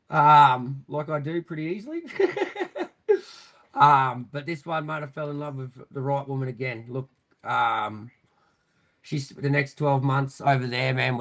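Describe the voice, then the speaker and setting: A man's voice: medium pitch, low-quality recording. A man with an Australian accent, in his thirties, talking through a casual interview, rambling with lots of fillers, calling the host mate and bro, and swearing now and then. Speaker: interview guest, army veteran.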